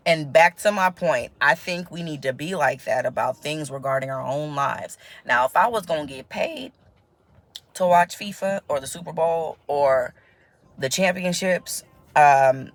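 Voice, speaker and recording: A deep-voiced American woman vlogs casually to camera, chatting away and laughing often while doing animated voices for people she quotes. The recording has no echo.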